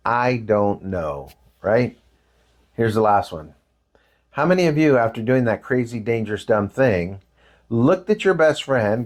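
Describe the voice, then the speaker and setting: An older man giving a talk to parents, telling stories with acted-out quotes and asking the audience questions. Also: fairly low pitch. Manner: animated storytelling with acted quotes. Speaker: presenter.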